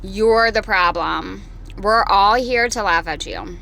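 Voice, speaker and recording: A woman's voice: mid-range voice, slow, gravelly, sharp tone, slight background noise. A woman in her thirties giving casual reaction commentary, blunt and mocking, reading live chat aloud. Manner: blunt, mocking, repeats short jabs.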